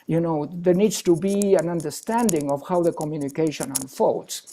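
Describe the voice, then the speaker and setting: A man giving an academic webinar lecture as a guest speaker, halting through restarts and often ending points with "isn't it?". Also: fairly high pitch, warm tone.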